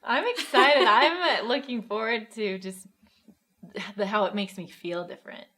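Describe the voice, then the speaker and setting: A woman's voice: mid-range voice, moderate pace, a bit bright. A woman style expert in a casual group chat, speaking thoughtfully with some hesitation.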